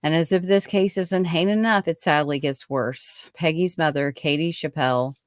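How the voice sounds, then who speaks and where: A woman's voice: sits low, normal speed, no echo, studio quality. A woman hosting a true-crime podcast, reading her own write-up of a case in a casual way, with chatty asides and frequent fillers. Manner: chatty, many fillers and restarts between read passages.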